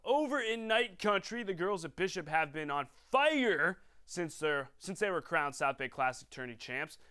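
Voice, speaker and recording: A man hosting a local sports news show, reading scripted highlights with playful jokes. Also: sharp tone, clean tone. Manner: playful, sings snippets and does bits. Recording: music bed underneath.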